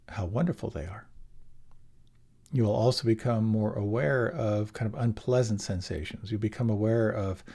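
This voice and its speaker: A middle-aged man gives a dharma talk in a low voice with a gravelly edge. He speaks gently and without hurry. He often circles back and restarts a phrase. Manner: gentle, unhurried, with many restarts. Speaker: meditation teacher.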